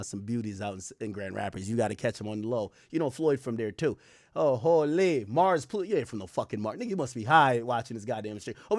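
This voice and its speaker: High-voiced profane man hosting a stream. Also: no echo, studio quality. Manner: loose, profane, joking, shouts out chat. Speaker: livestream host. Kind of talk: casual livestream commentary.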